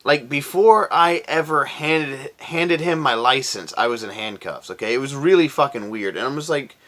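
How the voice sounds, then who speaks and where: A young man tells a story to his viewers in a loose, laid-back way, cursing freely. His voice sits at an ordinary middle pitch, and he jumps higher when he quotes himself. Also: normal speed, fairly bright tone. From Florida. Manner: profane, laid-back, quoting himself in a raised voice. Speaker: vlogger. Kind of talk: casual storytelling.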